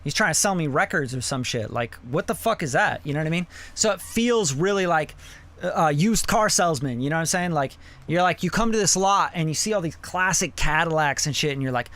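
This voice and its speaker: A man's voice: fairly high pitch, animated, fairly quick, a bit bright. A man hosting a live song review, giving blunt, profane mixing feedback in a casual, rambling way. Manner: blunt and profane, with many fillers like "you know".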